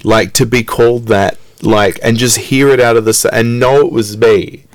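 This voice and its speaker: A young man in casual conversation, telling a story in an animated way and acting out the voices of the people in it. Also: medium pitch, moderate pace, no echo. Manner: animated, acts out quoted voices. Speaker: guest.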